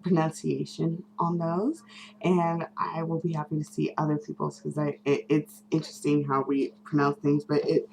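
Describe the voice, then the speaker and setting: Low-voiced woman rambling casually. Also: little pitch movement, moderate pace, vocal fry, a little mellow, slight background noise, low-quality recording. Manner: rambling, many ums and self-corrections, giggly. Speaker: vlogger. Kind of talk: casual chat to camera.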